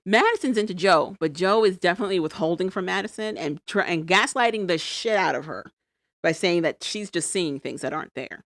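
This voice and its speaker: A woman with a somewhat low voice recaps a reality show in a casual podcast chat, acting out what the people on screen said. She is on a close mic in a dry room. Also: a little fast, no echo. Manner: animated storytelling, acts out quotes. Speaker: podcast co-host.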